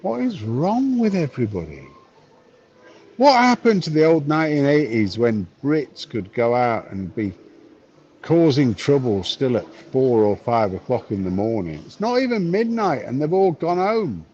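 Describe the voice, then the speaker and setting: A man's voice: mid-range voice, big pitch swings, a little slow, a little mellow, muffled recording, a little hiss or hum. Wry man streaming from a bar. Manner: chatty, wry, reads chat messages aloud. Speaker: live streamer. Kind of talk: casual live-stream chat. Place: bar, drinking a pint. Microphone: phone.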